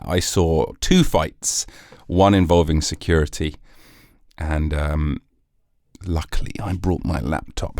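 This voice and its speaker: A man's voice: very deep voice, darkish tone, dry recording, clean studio sound. A British man hosting his own podcast, rambling through a jokey, sarcastic solo monologue. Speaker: podcast host.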